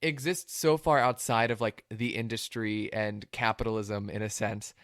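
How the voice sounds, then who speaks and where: A man hosting a casual podcast interview. He asks curious, quick follow-up questions. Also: on the low side, steady tone, fairly bright tone, dry recording, clean studio sound. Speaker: podcast host.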